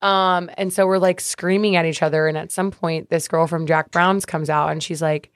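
A woman with a lowish voice tells a story at a close podcast mic, in a dry room. She is animated and swears freely, jumping into the voices of the people she quotes. The talk is loose and chatty. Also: moderate pace, few pauses, smooth, no echo. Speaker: podcast guest. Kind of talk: casual storytelling chat. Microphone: studio podcast mic.

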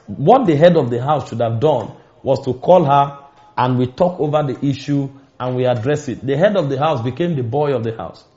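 A Nigerian man preaching in a storytelling way, with sudden emphatic lifts in his voice. His tone is mellow and a little high for a man. The recording sounds muffled and lo-fi. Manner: storytelling preacher, emphatic rises and dramatic pauses. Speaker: pastor. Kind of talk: sermon.

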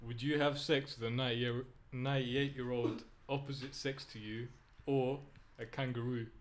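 A man's voice: mid-range voice, little pitch movement, normal speed, a little hiss or hum. A young man chatting casually with friends, slangy and laid-back. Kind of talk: casual chat among friends.

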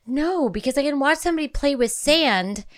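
A woman's voice: high voice, expressive, moderate pace. A woman in her thirties co-hosting a podcast, chatting in a rambling, giggly and frank, crude way. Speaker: podcast co-host. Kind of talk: casual chat.

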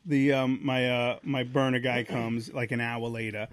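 A man in his thirties co-hosting a podcast, telling a story casually and acting out the voices loudly. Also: medium pitch, moderate pace, a little hiss or hum. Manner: animated, acts out quoted voices loudly. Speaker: podcast co-host.

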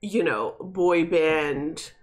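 A woman's voice: sits low, extremely slow. A woman co-hosting a podcast in casual chat, telling stories with swearing and animation. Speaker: podcast co-host.

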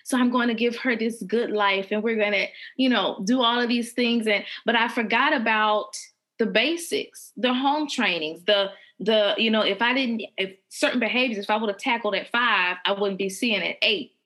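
A woman's voice: on the high side, normal speed, fairly bright tone. A middle-aged woman hosting a candid conversation, openly emotional and laughing as she speaks about parenting guilt. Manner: emotional, open, laughing, admits near tears.

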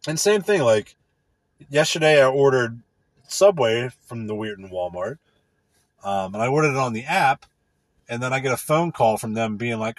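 A man ranting comedically, rambling and swearing, full of fillers, swinging between loud bursts and mutters. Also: mid-range voice, animated, moderate pace, no echo. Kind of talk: profane comedic rant.

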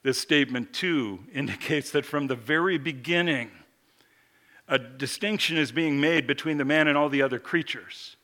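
Male preacher, bright and ringing tone, measured sermon delivery that slows on scripture. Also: on the high side. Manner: measured, slows for scripture quotes, builds emphasis.

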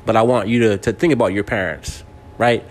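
A man in his forties from California hosts a casual monologue with a fairly low voice. He stumbles and restarts often, circling back over his words. He keeps turning to the listener to check they are following along. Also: brisk. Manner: talks straight to the listener, seeking agreement. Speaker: podcast host.

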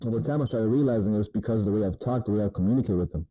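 A man's voice: lowish voice, racing, warm tone, poor audio. A man giving laid-back, profane dating advice in a rambling casual monologue, often asking "you know what I mean".

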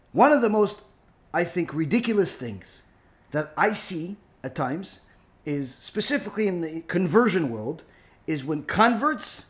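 A high-pitched male rabbi talks through an informal lecture in a loose, rambling way, full of "you know" and "uh". When he presses a point he turns blunt and scolding, repeating himself for force. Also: a bit bright. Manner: rambling, with many fillers, rising to emphatic scolding. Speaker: rabbi and teacher.

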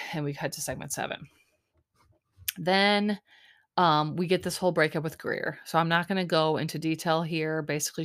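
Woman host, slightly low pitch, casual sarcastic recap monologue. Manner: chatty, sarcastic, lots of fillers.

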